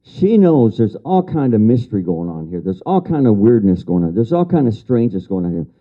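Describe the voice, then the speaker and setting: A man's voice: on the low side, very animated, brisk. An older man giving a lecture as a story to an audience, repeating key phrases for emphasis and answering remarks from the room. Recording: dull lo-fi lecture recording.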